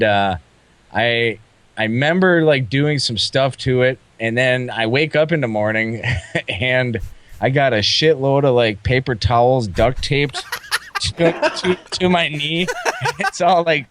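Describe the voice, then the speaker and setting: A man's voice: medium pitch, fairly bright tone, a little hiss or hum. A man from Wisconsin, a podcast guest, telling a profane story in casual chat and laughing as he goes.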